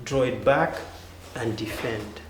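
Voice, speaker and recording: A man's voice: mid-range voice, slow pace. A man coaching acting students through stage combat drills, counting out moves and calling cues in a commanding way. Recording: echoey room with background noise.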